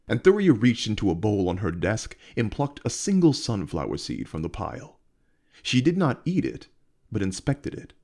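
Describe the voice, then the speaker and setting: A man reading his own novel aloud in a measured, expressive storytelling manner. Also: lowish voice. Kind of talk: audiobook narration.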